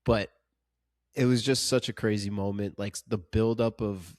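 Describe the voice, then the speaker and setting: This podcast co-host is a man with a lowish, slightly mellow voice, normal pace, and fairly even intonation. He chats casually about a film, earnest and emphatic, often tripping over repeated words. The sound is clean studio quality with no room echo.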